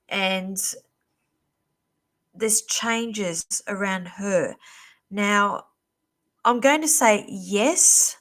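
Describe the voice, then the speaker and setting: A woman hosting a live-stream psychic reading, chatty and reassuring, calling viewers darling, her voice going a little hoarse. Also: medium pitch, fairly bright tone. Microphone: computer or phone mic on a live stream.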